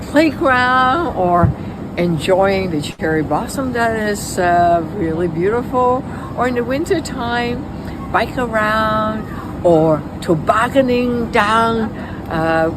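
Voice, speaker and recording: Woman announcing in a clip, very slow, halting, clear outdoor traffic noise. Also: mid-range voice, expressive. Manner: slow, halting, many fillers. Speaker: mayor. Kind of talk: public announcement video.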